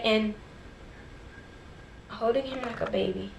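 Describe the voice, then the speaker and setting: A woman poet with a high, bit bright voice and lively intonation delivers a dramatic, rhythmic spoken word piece at a measured pace. The performance swells to impassioned intensity, recorded in an echoey room with faint background noise.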